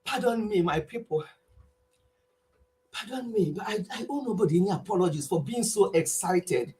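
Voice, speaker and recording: A woman hosting a live stream, greeting viewers with excitement and leading an earnest prayer. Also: mid-range voice, moderate pace.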